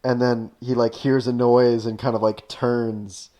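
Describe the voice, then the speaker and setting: A man's voice: mid-range voice, little pitch movement, measured pace, dark tone. A man co-hosting a podcast in casual chat, rambling through ideas with lots of "like" and restarts. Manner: rambling, full of "like" and restarts, laughs often. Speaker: podcast co-host.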